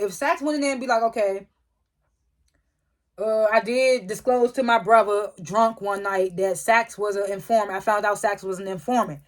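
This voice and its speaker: A woman giving a casual, slangy recap and review of a TV episode, swearing often. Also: fairly high pitch. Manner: animated retelling, frequent swearing, slangy. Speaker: TV show reviewer.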